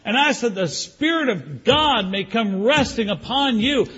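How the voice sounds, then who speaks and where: An older man preaching a sermon as pastor, animated, acting out prayers and pleas in different voices. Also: very high voice, a little slow, breathy edge, muffled recording.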